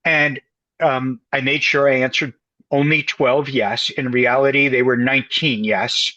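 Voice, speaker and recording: At a slightly slow pace and medium pitch, an American couples counselor tells an interviewer a story, bringing it to life by acting out the voices in it. The highs are cut off in the recording.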